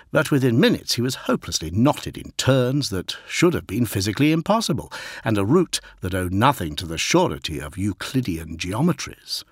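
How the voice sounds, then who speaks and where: A man reading a novel aloud as an audiobook narrator, in steady, measured scripted narration. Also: on the low side, breathy edge, no room sound, clean studio sound.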